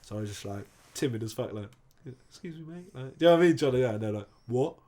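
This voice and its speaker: A man's voice: on the low side, racing. Sweary storytelling English man. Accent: Bristol English. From England. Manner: sweary, animated, acts out quoted voices. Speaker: DJ guest. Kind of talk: casual chat, storytelling anecdote.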